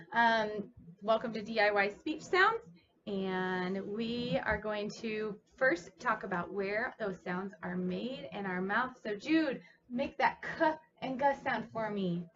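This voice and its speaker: A woman's voice: fairly high pitch, fairly bright tone, dull audio. A woman speech therapist demonstrating speech sounds, speaking patiently and encouragingly as she coaches a child. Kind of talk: instructional demonstration.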